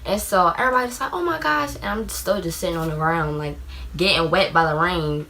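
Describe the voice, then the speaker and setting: A young woman telling a personal story in a casual vlog, rambling with lots of "like" and acting out shouted quotes. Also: on the low side, brisk, a little hiss or hum. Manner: rambling, heavy use of "like", acts out shouted quotes. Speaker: vlogger.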